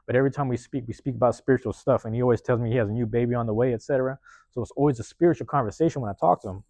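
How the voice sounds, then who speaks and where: A man hosting a podcast, telling a personal story in a rapid, profane, casual way and acting out the lines of the people in it. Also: medium pitch, no room sound. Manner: profane, rapid, animated retelling with acted-out quotes. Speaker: podcast host.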